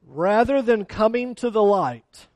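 A man's voice: sits high, animated, a little slow, a little mellow, dry recording. A man preaching a sermon as a pastor, acting out quotes of complaining people along the way.

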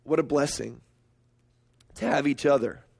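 A middle-aged man preaching a sermon, emphatic and storytelling, swinging up to excited peaks. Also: measured pace, gravelly, slightly rough. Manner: storytelling, emphatic, rising to high excited pitch. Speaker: pastor.

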